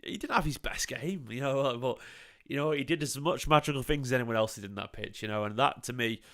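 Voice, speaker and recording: A man's voice: medium pitch, fairly quick, bright, forceful tone. A man hosting a livestream reaction to a football match, talking casually, swearing now and then and repeating phrases for emphasis. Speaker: fan channel host.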